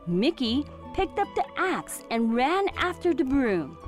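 Woman storybook reader, high and sing-song, unhurried, clear diction. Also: soft background music. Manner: expressive, clearly enunciated reading. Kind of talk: children's storybook read-aloud.

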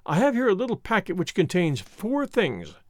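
A man's voice: high voice, huge pitch swings, normal speed, no echo, clean studio sound. A man voicing a kindly, earnest old country minister in an audiobook, giving solemn, old-fashioned counsel. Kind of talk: audiobook reading.

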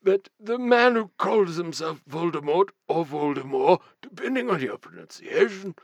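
A woman's voice: on the low side, sing-song, moderate pace, dry recording. A woman doing a doddering old headmaster. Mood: deadpan. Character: doddering old male headmaster giving a speech.

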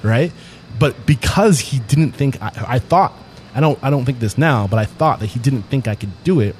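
A man's voice: mid-range voice, lively intonation, normal speed, a little mellow, slight background noise. Earnest man hosting a casual interview. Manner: earnest, probing, swears casually. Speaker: podcast host.

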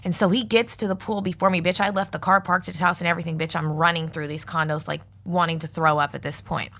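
A woman in her thirties on a podcast, telling a story in casual chat, animated and profane, and loud when she relives it. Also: lowish voice, fast talker. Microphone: podcast microphone.

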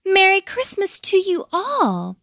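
A woman's voice: extremely high pitch, huge pitch swings, takes it slowly, a bit bright, no room sound, studio quality, pitched above the performer's own voice, heavily acted. A woman doing a cheerful polite reindeer. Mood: friendly. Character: friendly male reindeer helper of Santa.

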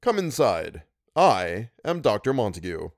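A man's voice: fairly low pitch, big pitch swings, unhurried, no echo, studio quality. A man reading an audiobook, voicing a cheerful, fussy older male doctor in an effusive, hearty manner.

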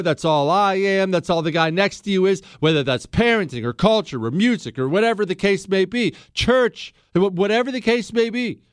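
On a radio talk show, a man with a voice on the high side rails through a heated political monologue. He's emphatic and full of rhetorical questions, captured in clean studio sound with no echo.

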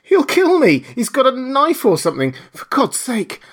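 Panicked weeping tramp, shrill high shrieks, loud desperate pleading. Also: male voice, expressive, measured pace. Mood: terrified.

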